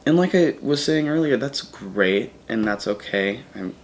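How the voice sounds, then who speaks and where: A man vlogs to camera in a casual, reflective way, rambling earnestly and correcting himself as he goes. His medium-pitched voice has lively intonation at a measured pace, with slight background noise.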